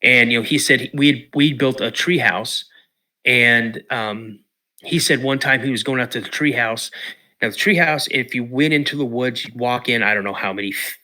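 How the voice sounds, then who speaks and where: A man from Washington State, a podcast guest telling an animated story and acting out the other people's lines. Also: medium pitch, moderate pace. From Washington State, USA. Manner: lively storyteller who acts out the voices of others.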